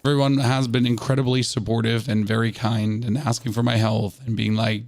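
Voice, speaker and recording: Hoarse man streaming a game. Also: medium pitch, level tone, a little fast, hardly any pauses, a little mellow, no room sound. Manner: rambling, joking, chatting to viewers with stammered restarts. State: hoarse from illness. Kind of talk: live gameplay commentary.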